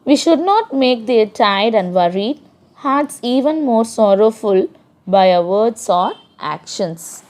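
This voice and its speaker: A teacher with an Indian English accent reads a poem aloud to her class, then paraphrases it line by line and defines the words. Her voice is fairly high, expressive, and darkish, and she speaks slowly.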